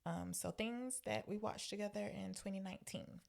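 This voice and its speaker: A woman co-hosting a movie podcast in easy, casual chat. Her voice has a gravelly edge. She pokes at her partner with wry, pointed questions. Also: mid-range voice, normal speed, a little mellow. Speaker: podcast co-host.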